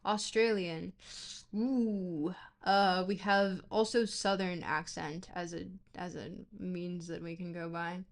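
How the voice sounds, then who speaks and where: A woman's voice: fairly low pitch, fairly even intonation, slow. A young woman streaming herself reading a philosophy book aloud. She stumbles and corrects herself often and breaks off to chat with viewers. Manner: stumbling, self-correcting reader; chatty asides to chat between passages.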